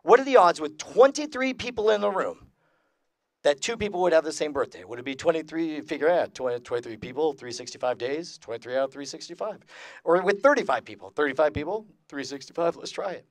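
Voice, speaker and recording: Before a live convention audience of about two hundred in a large room, a man gives a comedic skeptic lecture, polling the crowd and laughing at his own jokes. He speaks with energy in an expressive, slightly fast voice on the high side.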